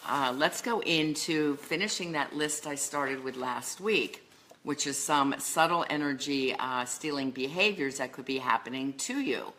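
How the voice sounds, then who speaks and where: A middle-aged woman speaks as a relationship coach, her voice very low yet bright and forceful. She talks earnestly, working through lists with the odd filler word, in the manner of a solo talk to camera. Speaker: life and love coach.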